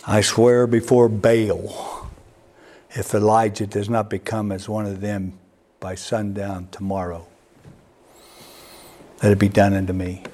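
A man voicing a vengeful queen swearing an oath, in a slow, measured, threatening voice close to his own. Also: lowish voice, flat delivery, warm tone. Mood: menacing.

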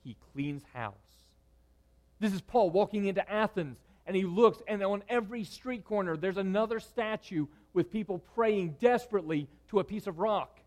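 A man preaching a sermon, moving between loud, emphatic lines and hushed, quiet ones. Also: high-pitched, moderate pace. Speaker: pastor.

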